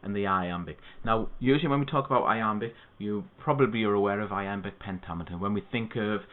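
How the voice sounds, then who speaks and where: A man tutoring students through a poem, explaining it in a steady, methodical way. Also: fairly low pitch, brisk. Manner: steady, methodical teaching with spoken asides. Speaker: English literature tutor. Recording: tinny phone-like audio.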